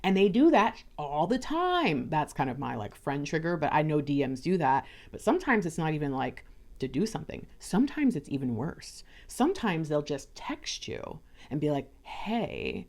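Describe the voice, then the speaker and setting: A woman with a lowish voice that swings widely in pitch, chatting through a tarot reading. She talks loosely and playfully, slipping into little voices to act out how people text and talk. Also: sing-song, normal speed, darkish tone. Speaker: tarot reader. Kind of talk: casual tarot card reading.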